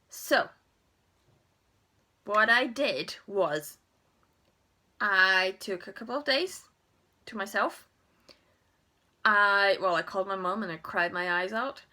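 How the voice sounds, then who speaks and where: A young woman vlogging casually to camera about her teaching life. Her voice is bright and lively in tone, and she talks in a chatty, expressive way, often breaking into laughter. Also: mid-range voice. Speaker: primary school teacher and vlogger.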